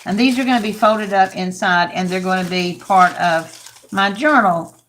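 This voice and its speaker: An older woman with a drawl talks on a craft livestream, her voice worn hoarse and raspy. She rambles in a chatty way and calls out to viewers by name. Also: mid-range voice, normal speed, a bit bright, slight background noise. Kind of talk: casual craft livestream chat.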